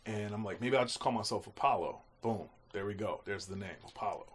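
A music producer, guesting on an interview, tells stories casually in a lowish, husky voice at a slightly fast clip. He's animated and slangy, acting out quotes and swearing freely.

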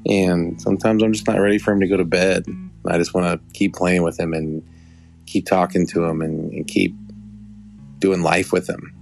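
A man's voice: sits low, flat delivery, moderate pace, creaky, a little mellow, faint music behind. A young adult man hosting a podcast, telling a rambling, affectionate story with many restarts. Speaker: podcast host. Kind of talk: casual storytelling.

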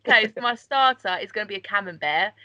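Bright-voiced woman, lo-fi podcast. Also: medium pitch, lively intonation, fast, no echo. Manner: giggly, rambling, swears casually. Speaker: podcast co-host. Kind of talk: casual banter. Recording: dull lo-fi sound.

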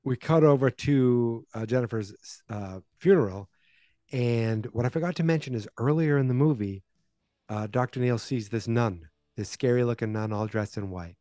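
A man's voice: medium pitch, moderate pace, mellow, no echo. A man in his forties, a podcast host casually retelling a movie plot with wry asides.

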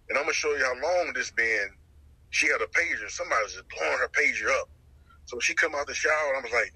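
A middle-aged man tells his life story as testimony. His voice is husky and tight, with a very bright, sharp edge. He talks with lots of animation, repeating lines and putting on the voices of the people he quotes. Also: mid-range voice, fast talker, dry recording, low-quality recording. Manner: lively storyteller who acts out the voices he quotes, repeats phrases. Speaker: guest sharing his testimony.

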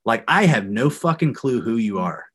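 A man's voice: medium pitch, very animated, normal speed, a bit bright, breathy edge. A young adult man, a former wrestler, telling a heated story on a podcast with lots of swearing. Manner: profane, heated, swears often. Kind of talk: casual storytelling.

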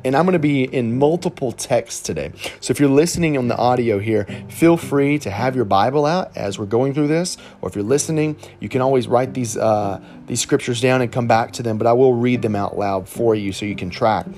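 A man with a Southern Alabama accent, the lead pastor, preaching a conversational sermon with animated, slang-filled examples. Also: mid-range voice, fairly quick, hardly any pauses, soft background music.

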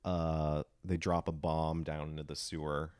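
A man co-hosting a film podcast, recapping scenes casually and bursting into loud quoted lines. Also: extremely low pitch, a little slow, clean tone, no room sound, studio quality. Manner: retells scenes in animated bursts, quoting lines loudly. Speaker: podcast co-host.

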